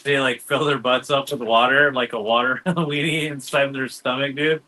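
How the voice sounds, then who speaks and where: Man, casual storyteller, bright forward tone, heavy "dude" slang. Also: mid-range voice, fairly even intonation, normal speed, poor audio. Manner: loose surfer slang, says "dude" constantly. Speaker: cannabis grower, guest.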